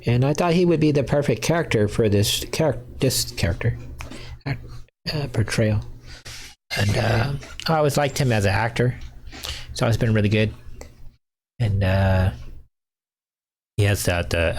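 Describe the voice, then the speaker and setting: Brief: male streamer, gravelly low voice, meandering casual talk full of uh and little laughs. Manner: rambling, many fillers, chuckles often. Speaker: fan fiction writer hosting a livestream.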